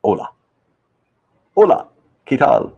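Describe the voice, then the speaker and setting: A man hosts a relaxed live-stream survey game, chatting and reading out viewers' answers with easy laughter. He speaks slowly, and the recording has its highs cut off.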